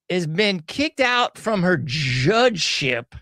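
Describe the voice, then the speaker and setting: Animated man with lively swooping voice. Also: extremely high pitch, moderate pace, dry recording, studio quality. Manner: animated, laughing, mocking, slangy. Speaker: online show host. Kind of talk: casual commentary on news clips.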